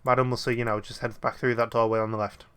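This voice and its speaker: Man reading servile old butler, formal, brisk. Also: medium pitch, flat delivery, fairly bright tone, clear, resonant tone, lightly acted. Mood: deferential. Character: deferential old male butler.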